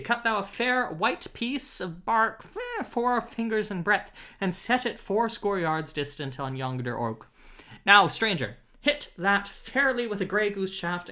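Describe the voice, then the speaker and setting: A man's voice: high voice, sharp tone, pitched above the performer's own voice, heavily acted. A man voicing a jolly, bold outlaw leader who speaks old-fashioned English with a hearty, laughing manner, in an audiobook reading. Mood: proud. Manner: hearty, laughing, archaic speech. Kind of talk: audiobook character voice.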